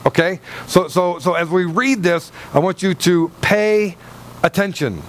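Slight background noise accompanies a pastor whose high-pitched, animated voice moves at a measured pace. Reading from the Bible and telling a story to his congregation, he rambles, repeats and restarts, often asking "Amen?" or "Okay?"

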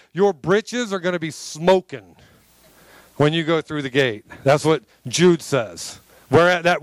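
High-pitched guy preaching in church, punchy and chatty, dry close sound. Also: no room sound. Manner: emphatic, conversational preaching with calls to the congregation. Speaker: pastor. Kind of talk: sermon.

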